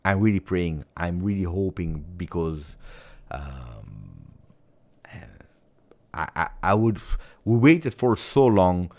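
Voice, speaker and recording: A man's voice: deep voice, big pitch swings, slow pace, pauses often, dark tone. A man hosting a fan channel, chatting casually on a livestream, rambling with fillers and self-corrections.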